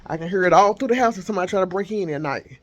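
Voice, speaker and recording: A man vlogging casually from his home kitchen on a handheld phone, thinking out loud as he cooks. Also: high-pitched, animated, very fast, dull audio. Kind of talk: casual chat while cooking.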